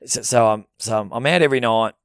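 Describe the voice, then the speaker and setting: A man's voice: medium pitch, quick pace, dry recording, studio quality. A young Australian man co-hosting a podcast, telling a long rambling story in casual chat, swearing freely and acting out the people in it. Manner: rambling, swears freely, acts out voices in his stories. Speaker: podcast co-host.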